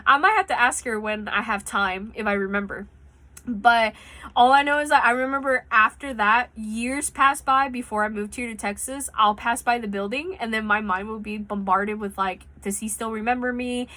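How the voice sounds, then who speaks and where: A young woman rambles through a personal story for her channel, talking casually and swearing freely. Her voice sits a bit high and sounds bright and crisp. It is recorded close on a phone at home. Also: moderate pace. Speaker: vlogger telling a personal story. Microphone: phone mic.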